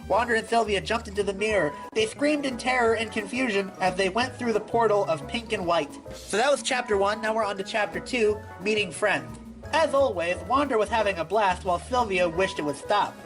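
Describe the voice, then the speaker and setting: A woman's voice: mid-range voice, brisk, music in the background, rough recording. Woman reading a fan story aloud. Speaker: fanfiction reader.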